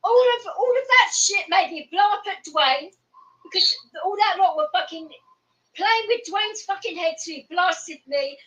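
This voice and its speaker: Brief: high-pitched woman, furious and profane live host. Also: expressive, normal speed, fairly bright tone, low-quality recording. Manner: angry, heavy swearing. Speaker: livestream host. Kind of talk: livestream rant.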